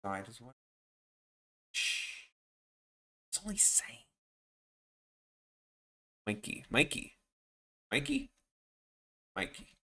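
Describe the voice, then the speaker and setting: A man's voice: medium pitch, sing-song, extremely slow, long pauses, pushed and bright, breathy edge. A man chatting casually with viewers on his animation live stream, rambling and joking, often trailing off mid-sentence.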